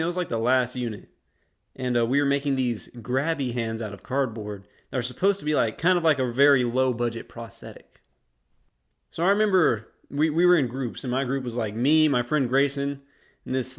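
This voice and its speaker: A young man casually telling a school story as a YouTuber, slangy and rambling. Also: medium pitch. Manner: slangy, rambling, laid-back.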